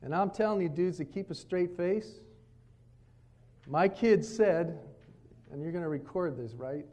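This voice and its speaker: A man preaching at a retreat, telling stories and acting out his children's lines in a lively, varied way. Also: a little high, a little slow. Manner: storytelling preacher, animated, quotes his kids. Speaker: pastor. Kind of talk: sermon at a retreat. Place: retreat meeting room.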